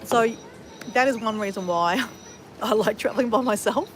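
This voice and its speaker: A woman's voice: medium pitch, normal speed, a little hiss or hum. Chatty fifty-year-old woman vlogger. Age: 50s. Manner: chatty, rambling, with frequent swearing and fillers. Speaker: travel vlogger. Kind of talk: casual livestream chat answering viewers.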